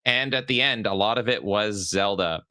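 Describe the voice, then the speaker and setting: A man's voice: on the low side, normal speed, sharp tone, no room sound, studio quality. Teasing man hosting a gaming podcast. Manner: teasing, jokey. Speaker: podcast host. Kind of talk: casual gaming podcast chat.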